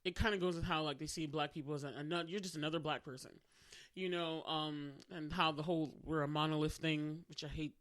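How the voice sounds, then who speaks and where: A woman co-hosting a podcast in casual chat, animated and excited, laughing often. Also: low voice, brisk. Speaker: podcast co-host.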